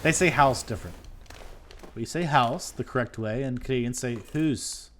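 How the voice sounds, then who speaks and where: A man's voice: medium pitch, moderate pace, a bit bright. A man from Minnesota chatting on a stream, joking and playful. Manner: joking, playful, slips into silly voices. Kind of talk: casual chat.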